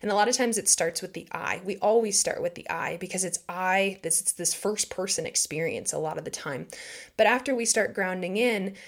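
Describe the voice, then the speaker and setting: A woman hosts a podcast, speaking fairly quickly in a voice on the low side. She reflects casually on spirituality, peppering her talk with "like" and "right?" and acting out the inner voices she quotes.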